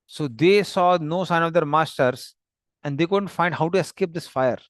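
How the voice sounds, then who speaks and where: A man narrating a devotional story slowly and plainly, pointing to slides as he goes. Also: on the high side, no room sound, clean studio sound. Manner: slow, plain, explanatory with pauses.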